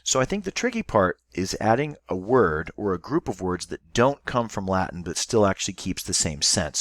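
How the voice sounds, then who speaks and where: Low-voiced man teaching a class. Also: dry recording. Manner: explains step by step, thinking aloud with fillers. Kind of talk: recorded online class lesson.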